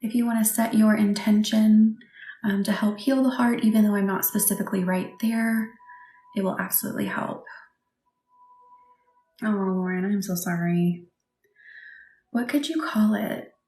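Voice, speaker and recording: A woman leading a live Reiki session and chatting with viewers, speaking softly and reassuringly, sometimes dropping to a whisper. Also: medium pitch, steady tone, moderate pace, pauses often. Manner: soft, reassuring, often drops to a whisper. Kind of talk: livestream chat with viewers. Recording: echoey room with faint background noise.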